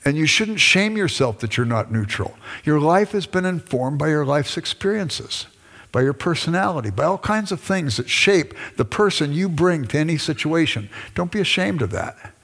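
Animated and fairly bright-toned, an older man with a slightly high voice lectures a class at a moderate pace in a conversational style. The former pastor, now a lecturer, acts out dialogue snippets with his wife, his voice ringing with long hall reverb.

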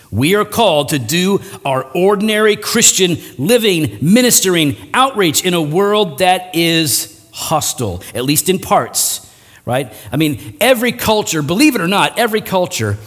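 A high-voiced man preaching a sermon, his pitch swooping widely as he acts out quick voices with a self-deprecating humor. His words ring out with a long reverb, as if spoken in a large hall. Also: a bit bright. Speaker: pastor.

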